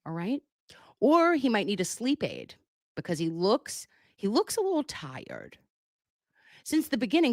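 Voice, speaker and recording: A woman's voice: lowish voice, dry recording, studio quality. A woman hosting a casual live stream on a webcam, chatty and joking as she reads viewer messages aloud. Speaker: livestream commentator.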